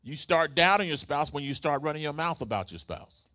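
A man's voice: fairly high pitch, expressive, a little fast, sharp tone. A man preaching a sermon, using rhythmic repetition and call-and-response with the congregation. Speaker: pastor.

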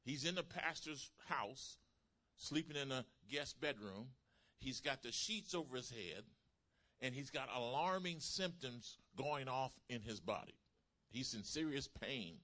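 A man preaching a sermon, retelling a healing testimony and building to loud, emphatic calls to the congregation. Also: medium pitch.

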